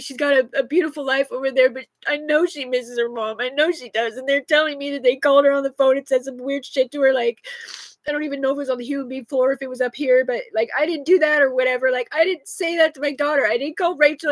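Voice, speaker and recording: With a voice that sits high and no room sound, a woman who seems to be in her thirties livestreams from a phone. The stream is unscripted, and she rambles agitatedly with heavy swearing.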